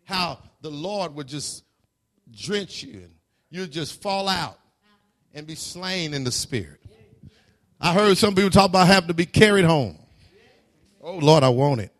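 Fervent, lively high-voiced preacher. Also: male voice, a little slow, pauses often. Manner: fervent, builds to shouting, stammers and repeats words, laughing asides. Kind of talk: sermon.

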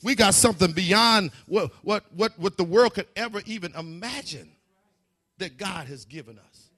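A fervent male preacher in mid-sermon, his voice sitting high and ringing bright. His pitch leaps and dips all over the place, and he climbs into shouts with stammered repeats and chuckling asides. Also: expressive, moderate pace.

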